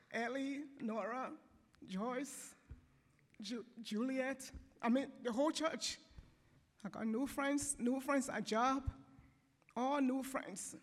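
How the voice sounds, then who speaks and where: A woman's voice: a little high, big-room sound. Emotional woman giving church testimony. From Africa. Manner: emotional, apologizing and pausing.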